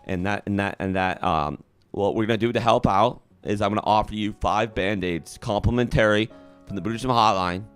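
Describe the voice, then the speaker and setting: A man hosting a comedic call-in show skit, talking in an awkward, evasive deadpan. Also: on the low side, a little fast, clean tone, soft background music.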